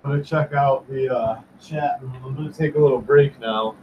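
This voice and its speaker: A man's voice: mid-range voice, fairly even intonation, a little fast, dull audio, a little hiss or hum. A man chatting casually on a livestream as a comic artist, rambling and swearing, with many restarts and fillers.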